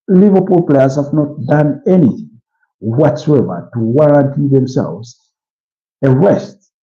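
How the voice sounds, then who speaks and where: A tired Ugandan man yawns while hosting a football watch-along, offering casual live commentary and opinions and rambling with plenty of "you know" fillers. His mid-range voice is mellow, and the stream audio is muffled and lo-fi.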